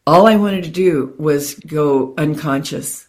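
A woman with a low voice recounts a personal experience as an interview guest. She talks in animated, quick bursts and keeps restarting her sentences.

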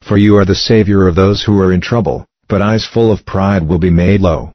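A man with a very deep, low voice reads scripture in a measured, steady way. The sound is dry, with no room around it, and the recording is dull and lo-fi. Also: no echo. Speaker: scripture reader. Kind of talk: scripted reading of psalms.

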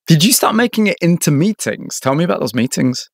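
A man's voice: fairly high pitch, expressive, fairly quick, creaky, no echo, studio quality. A man interviewing a guest, asking probing follow-up questions. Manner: curious, asks probing follow-ups.

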